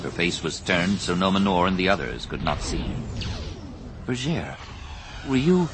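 A man narrating an audiobook with measured, dramatic storytelling. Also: deep voice, background noise. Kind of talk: scripted narration. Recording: narration over a music score. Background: music.

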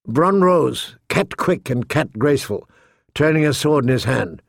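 A man narrating a fantasy novel in steady scripted narration. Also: medium pitch, measured pace, dry recording, studio quality. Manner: steady storytelling. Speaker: audiobook narrator.

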